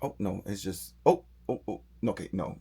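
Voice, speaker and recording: Middle aged guy hosting a doll livestream from his office, gets all excited reading comments out. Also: low voice, moderate pace, vocal fry, breathy edge. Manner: animated, reads comments aloud in an excited voice. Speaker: co-host of a live doll-collecting stream. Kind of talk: casual live-stream chat, reading comments. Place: home office full of dolls.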